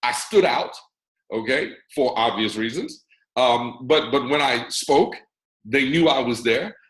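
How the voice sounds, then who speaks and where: American man giving a lively motivational talk. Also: mid-range voice, a little slow, roomy sound, rough recording. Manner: lively and preacher-like, teasing the audience directly. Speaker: network marketing mentor and host. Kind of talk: motivational talk on a video call. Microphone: video call.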